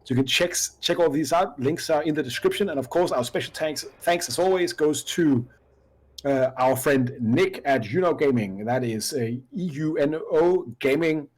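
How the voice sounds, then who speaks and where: Halting man signing off a stream. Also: on the high side. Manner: halting, many fillers and restarts. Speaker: co-host of a live-play stream. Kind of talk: casual sign-off chat.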